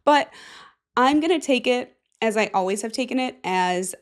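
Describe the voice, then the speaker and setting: A woman's voice: a little high, animated, normal speed. A woman hosting a casual solo podcast, goofy and self-mocking, with plenty of swearing. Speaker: podcast host.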